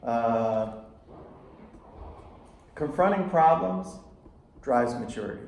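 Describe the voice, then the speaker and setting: A middle-aged man, a psychotherapist, giving a casual workshop talk to parents, telling animated anecdotes and acting out quoted lines. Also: medium pitch, takes it slowly, creaky. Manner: anecdotal, animated storytelling with acted-out quotes and laughter. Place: school room with audience. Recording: echoey room recording.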